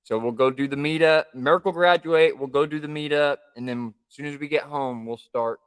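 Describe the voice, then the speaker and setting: A man's voice: on the high side, a little fast, clear, resonant tone. A man co-hosting a casual live stream from home, chatting in an easygoing, rambling way. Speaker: livestream co-host.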